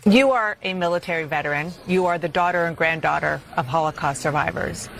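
Gravelly TV interviewer asking direct questions. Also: medium pitch, brisk, fairly bright tone, a little hiss or hum, rough recording. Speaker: TV news interviewer.

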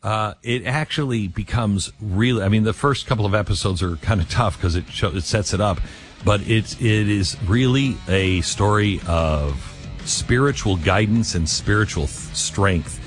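A man's voice: on the low side, moderate pace, soft background music. A man hosting a talk radio show, talking in a rambling way with many fillers and restarts.

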